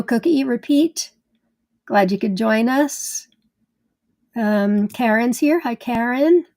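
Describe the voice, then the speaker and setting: A middle-aged woman hosting a live gardening stream, greeting viewers one by one in a bubbly, chatty way, excited like a cheerleader. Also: fairly high pitch, gravelly. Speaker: host of a live gardening show.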